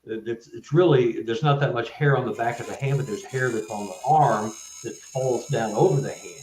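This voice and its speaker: A man, a guest author on a live interview, telling personal stories with halting restarts and growing animation. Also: medium pitch, roomy sound, slight background noise, low-quality recording. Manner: halting, stuttered restarts, animated when retelling events. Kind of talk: casual storytelling in a live interview.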